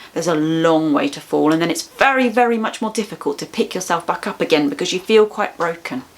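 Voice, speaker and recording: A woman giving an educational webinar, explaining in an expressive, reassuring way. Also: mid-range voice, creaky. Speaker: webinar presenter on child anxiety.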